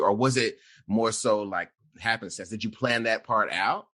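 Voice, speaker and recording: A man's voice: fairly low pitch, normal speed, hardly any pauses, bright, forceful tone, dry recording, clean studio sound. A man hosting a podcast, asking casual questions with a laugh and many restarts. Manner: curious, laughing, restarts his questions often. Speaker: podcast host. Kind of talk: casual interview chat.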